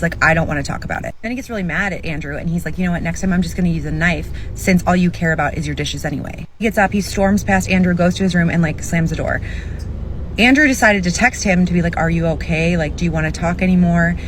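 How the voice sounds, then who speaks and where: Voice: medium pitch, slight background noise, poor audio. A storyteller recounting a story in a chatty, casual way, full of "like". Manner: chatty, fillers of "like".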